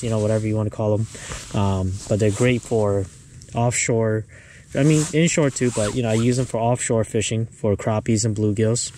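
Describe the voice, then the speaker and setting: A man hosting a fishing vlog outdoors, talking casually to viewers and getting excitable and exclamatory over his catches. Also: mid-range voice, a little hiss or hum. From US Midwest. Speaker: fishing vlogger. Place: outdoors on the ice.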